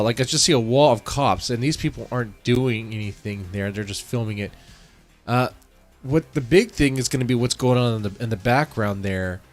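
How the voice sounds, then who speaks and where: A man hosting a casual live-stream reaction, rambling and repeating himself as he talks to his chat, congested from allergies. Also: medium pitch.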